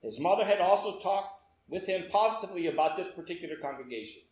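A man with a high voice preaches a sermon, telling a story with lively, emphatic repetition. The sound rings around an echoey room. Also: fast.

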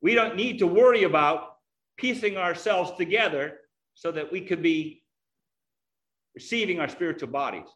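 Brief: man preacher, earnest teaching sermon, high bright voice. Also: lively intonation, moderate pace.

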